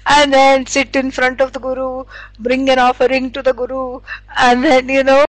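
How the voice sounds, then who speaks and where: A woman's voice: high-pitched, monotone, moderate pace, no room sound, poor audio. A woman giving a conversational spiritual lecture, meandering through her points with many fillers and restarts. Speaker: Vedanta teacher.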